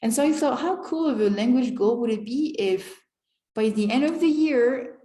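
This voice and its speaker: In an echoey room at a hostel in Mexico, a chatty French-accented woman, a language teacher and vlogger, talks through a casual vlog at normal speed. Her voice is a little high, mellow, and expressive, and she rambles with many fillers such as "like" and "you know."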